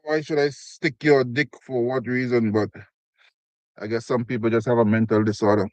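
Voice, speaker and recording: During a casual live stream, a man from Canada talks with viewers as he eats, reading comments aloud and thanking people by name. The dry recording captures a medium pitch, fairly even intonation, and normal speed.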